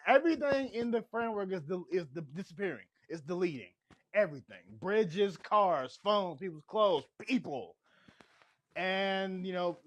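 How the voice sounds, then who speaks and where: A man giving a casual spoiler recap of a TV episode, rambling and excitable, short on sleep. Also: sits high, no room sound. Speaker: TV show reviewer.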